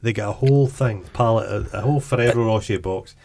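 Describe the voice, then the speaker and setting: A man's voice: fairly low pitch, fast talker, darkish tone. A Scottish man co-hosting a podcast, chatting casually and crudely about a film, joking and putting on silly voices. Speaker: podcast co-host. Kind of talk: casual film review chat.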